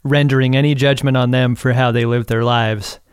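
A man's voice: medium pitch, fairly even intonation, moderate pace, smooth, dry recording, studio quality. A man co-hosting a film podcast, speaking earnestly and with some jokes in casual chat. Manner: earnest, thoughtful, joking. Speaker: podcast co-host.

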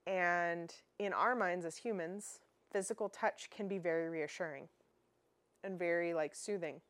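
A woman's voice: fairly low pitch, measured pace, fairly bright tone, no room sound. A young woman hosting a dog training podcast, explaining in a casual, chatty way with fillers and restarts.

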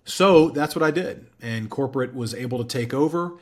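A man in his forties, a guest in an interview, telling his story in a candid, animated way. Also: medium pitch, moderate pace. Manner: candid, animated storyteller who acts out quoted dialogue.

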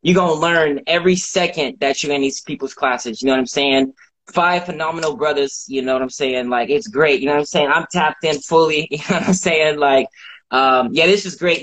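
A man giving a relaxed testimony as a course member on a livestream. His voice sits a little high. He talks in an easygoing way and keeps tossing in filler phrases. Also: poor audio. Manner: easygoing, heavy on "you know what I'm saying". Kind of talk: casual live-stream chat.

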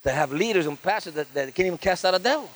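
Guy preaching hard at a church service, high voice, keeps asking for amens. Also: fast. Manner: fervent, calls for amens from the congregation; tells stories with lively asides. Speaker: guest pastor. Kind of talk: sermon.

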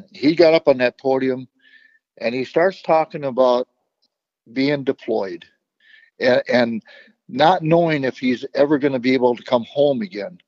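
A man with a mid-range voice talks in a relaxed, halting way, with frequent fillers. The sound is dry and close, with a dull, lo-fi edge. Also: mid-range voice, no room sound. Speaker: nonprofit founder. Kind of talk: casual conversation.

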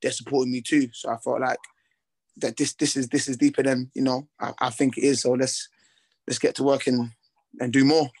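Young man, boxer interview, laid-back, confident, slangy, mid-pitched voice. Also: brisk, breathy edge. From Britain, with Ghanaian heritage. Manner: relaxed, confident, rambling with slang and restarts. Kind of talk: casual interview chat.

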